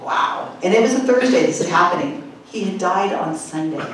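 A woman speaker at a conference, telling an animated story and mimicking people in high squeaky voices, laughing often. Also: moderate pace. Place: conference hall. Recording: echoey hall, mic far off, faint room hum.

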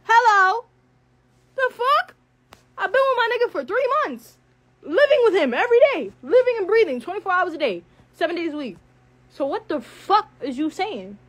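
Teen woman, late teens, high and wildly animated, trading insults on a phone live. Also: fairly quick. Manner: heated, profane, insulting. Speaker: livestreamer. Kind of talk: angry livestream rant.

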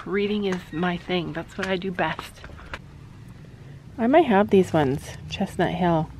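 A woman vlogging casually to her viewers, chatty and animated as she talks straight to the camera from her backyard. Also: lowish voice, a little slow, a little hiss or hum. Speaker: family vlogger. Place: outdoors in a backyard.

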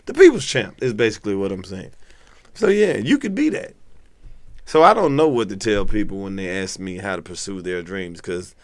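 A young adult man, a comedian co-hosting a podcast, talking in casual banter with profane, preachy rants that jump into high yelps. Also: expressive, a little fast, hardly any pauses, dry recording.

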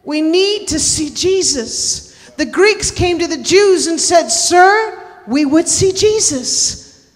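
A woman preaching a sermon to a church, impassioned, rising to shouted and sung cries. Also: extremely high pitch, lively intonation, takes it slowly. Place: church sanctuary. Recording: long hall reverb.

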